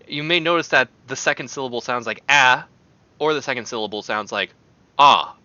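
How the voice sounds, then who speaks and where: A man streaming and chatting casually, in an animated, rambling way that often breaks into exclamations. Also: medium pitch, normal speed, dry recording, dull audio.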